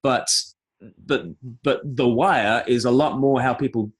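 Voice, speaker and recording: A man who works as a pastor and evangelist, talking through ideas in a rambling, animated way and laughing often in a casual conversation. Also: mid-range voice, a little slow. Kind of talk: casual video-call conversation.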